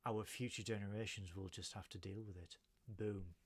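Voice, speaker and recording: A young adult man co-hosting a podcast in casual chat, talking with animated swings and quick mimicking asides. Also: on the low side, breathy edge. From half Irish, half Scottish. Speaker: podcast co-host.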